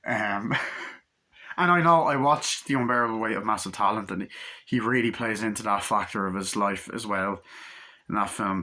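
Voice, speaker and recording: A man's voice: on the low side, bright, forceful tone. A young man casually reviewing a movie on his channel, retelling the plot in a rambling way and swearing often.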